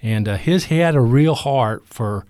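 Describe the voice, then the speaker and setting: A man, a pastor interviewed on a church radio show, speaking plainly and earnestly with halting restarts. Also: mid-range voice, lively intonation, a little mellow, no room sound, studio quality. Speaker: pastor and food bank leader. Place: church studio.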